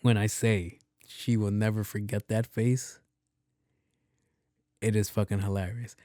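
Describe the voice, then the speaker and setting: A man hosting a podcast, telling a story in a casual monologue, animated, slangy and profane. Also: fairly low pitch, unhurried, no room sound, studio quality. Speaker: podcast host.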